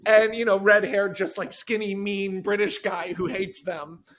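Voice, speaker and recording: A screenwriter talking on a podcast, telling a story with lively enthusiasm and frequent restarts. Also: male voice, high-pitched, measured pace, slight background noise. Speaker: screenwriter guest. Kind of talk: podcast conversation.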